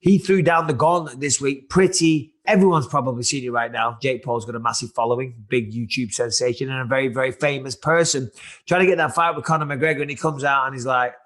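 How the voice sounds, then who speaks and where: A man's voice: mid-range voice, fairly quick, fairly bright tone. A man in his forties hosting a podcast, talking in a blunt, profane, challenging way. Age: 40s. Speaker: podcast host. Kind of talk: casual podcast chat.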